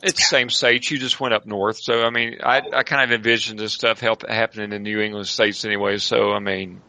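Bright-voiced man running a game. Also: fairly low pitch, little pitch movement, a little fast, vocal fry, rough recording. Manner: rambling, restarts, searches for names. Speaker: game master. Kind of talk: running a tabletop horror game over a call.

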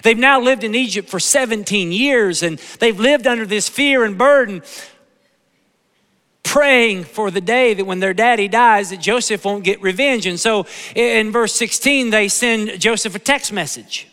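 A man preaching from the pulpit in a high, bright voice that rings with conviction. He leans on repetition and homespun humor, and a long church reverb hangs behind every line. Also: a little slow. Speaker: pastor. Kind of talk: sermon. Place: church sanctuary.

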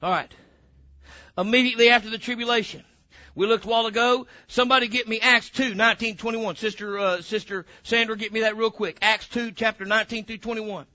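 A man preaching a sermon as pastor, emphatic and fervent, breaking into sudden loud bursts. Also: high voice, steady tone, a little fast, highs cut off.

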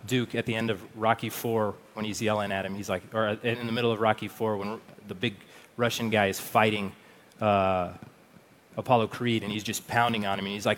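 A pastor delivers a sermon in a relaxed, conversational way, often repeating words as he goes. His voice sits on the low side, and he slips into reading scripture aloud. A faint hum of background noise runs underneath. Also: fairly quick.

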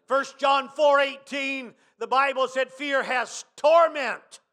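A man pastor preaching a sermon, dropping quiet, then rising to shouted emphasis. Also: very high-pitched, steady tone, slow pace.

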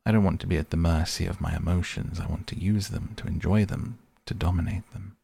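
A man's voice: low-pitched, steady tone, a little fast, gravelly, mellow, breathy edge, dry recording, exaggerated voice. A man reading as a cool, self-absorbed young aesthete. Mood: languid.

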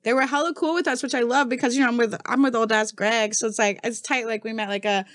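A woman's voice: fairly high pitch, steady tone, fast, fairly bright tone, dry recording. A woman co-hosting a podcast, telling a long, profane anecdote in casual chat and laughing often. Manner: loose, profane storytelling with frequent laughter. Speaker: podcast co-host.

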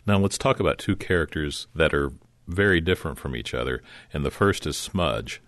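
Male host, extremely deep voice, conversational questions, dry recording. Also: animated, moderate pace, a bit bright, no room sound. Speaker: interviewer. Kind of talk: interview questions.

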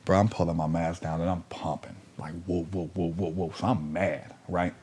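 A man telling a story in a casual, animated way, full of slang and profanity, repeating lines for emphasis. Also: low voice, normal speed, a little hiss or hum.

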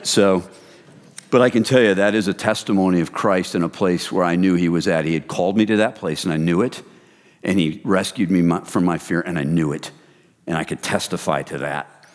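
American guy preaching, low voice, big reverby church hall, animated storytelling. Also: fairly quick. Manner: animated storytelling, addresses audience as you guys. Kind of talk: sermon testimony.

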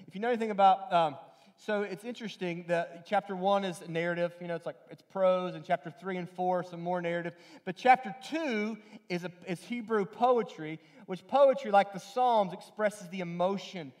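A man's voice: high voice, moderate pace, a little mellow. A male pastor preaching a sermon earnestly, repeating phrases for emphasis and often restarting his sentences. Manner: acts out quoted lines in a raised, pleading voice.

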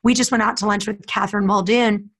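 A woman in casual conversation, speaking animatedly and acting out quoted people in a higher voice. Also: fairly even intonation, fast talker, a bit bright, husky. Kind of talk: casual chat.

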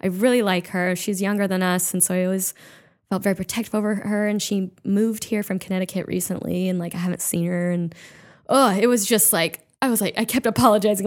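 A woman comedian chatting as a guest. She swears freely and laughs her way through an emotional story. Her voice sits in an ordinary middle pitch. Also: fairly quick, a little mellow. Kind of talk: casual chat.

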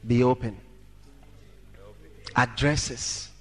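A man preaching a sermon dramatically, shouting at times and breaking into song. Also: steady tone, drawn-out words, soft background music. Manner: dramatic, shouting and singing, wide swings in pitch. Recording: echoey hall reverb.

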